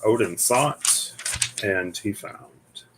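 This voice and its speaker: Heavy background noise surrounds this young man from the American Midwest as he reads tarot casually. His lowish voice is animated but very slow, and he thinks aloud hesitantly, wandering and often groping for the right word.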